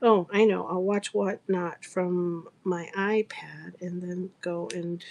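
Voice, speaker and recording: A woman's voice: fairly low pitch, takes it slowly, vocal fry, a little hiss or hum. A middle-aged woman hosting a craft livestream, chatting casually and breaking into laughter as she tells a funny story. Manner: animated, laughing often while telling a story. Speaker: livestream seller host. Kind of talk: casual live-stream storytelling.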